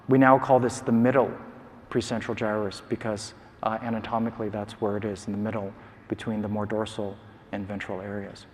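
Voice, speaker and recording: A man giving an academic lecture as a neuroscientist, measured and explanatory with frequent ums and uhs. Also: on the low side. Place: large conference hall. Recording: long hall reverb.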